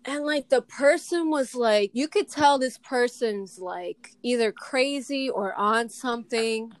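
A young woman tells a story in a casual chat, packing her talk with "like" and restarts. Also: a little high. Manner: fast, filler-heavy storytelling with many "like"s.

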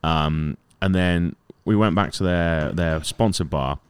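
A man's voice: deep voice, takes it slowly, clear, resonant tone, no room sound. A man telling a rambling story in casual chat among friends, laughing often and swearing freely. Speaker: podcast guest telling a story.

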